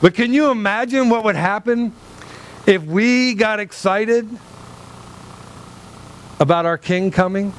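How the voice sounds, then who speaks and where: High-voiced, animated male pastor. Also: takes it slowly, long pauses, a little hiss or hum. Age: older than 37. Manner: animated, humorous, talks straight to the congregation. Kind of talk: sermon. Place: church sanctuary, on a low stage.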